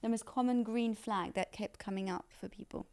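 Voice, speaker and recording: A woman's voice: medium pitch, fairly even intonation, moderate pace, a little mellow. Wry, chatty woman co-host. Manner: wry, chatty, laughs easily. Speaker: podcast co-host. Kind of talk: casual chat.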